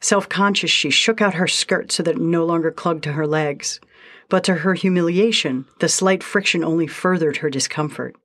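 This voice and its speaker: A woman narrating a short story in a steady, measured reading style. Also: lowish voice.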